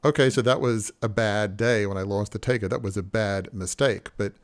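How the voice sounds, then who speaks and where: A male podcast host with a lowish voice talks in a loose, rambling way. He thinks aloud as he goes, restarting his sentences and circling back to his point. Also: steady tone, fairly quick. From Australia. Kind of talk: conversational interview.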